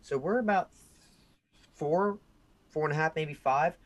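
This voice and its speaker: A young man co-hosting a podcast tells a story in casual chat, acting out the people in it and shouting their quoted lines with animation. His voice is on the high side and a little slow.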